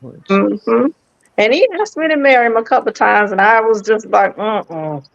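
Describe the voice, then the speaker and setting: A woman's voice: fairly high pitch, normal speed, vocal fry, no room sound, dull audio. A woman telling a playful, self-mocking story in casual chat, laughing often.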